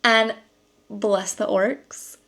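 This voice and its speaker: Woman vlogger, mid pitch, casual and rambling, fillers everywhere, animated when telling a story. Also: drawn-out words, vocal fry. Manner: chatty and rambling, with frequent ums and likes; lively storytelling with laughs. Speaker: vlogger and costume maker. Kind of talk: casual chat to camera.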